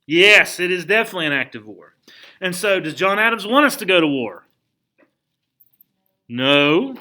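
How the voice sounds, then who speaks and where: A male history teacher lectures his class in a lively, conversational way and keeps firing rhetorical questions at the students. His voice sits fairly high and sounds bright and forceful. He restarts his sentences often as he talks. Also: moderate pace.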